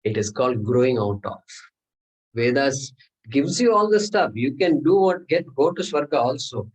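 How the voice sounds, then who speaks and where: A man with a sing-song, mid-range voice delivers a scripture lesson in a class room at an ordinary pace. The audio is low quality. He walks the class through each step, keeps checking "okay?", and tosses out rhetorical questions.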